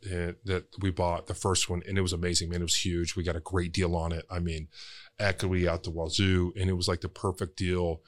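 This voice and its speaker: A man's voice: deep voice, a bit bright. A man, a real estate entrepreneur, candidly telling a personal story as a podcast guest, emotional and casually swearing.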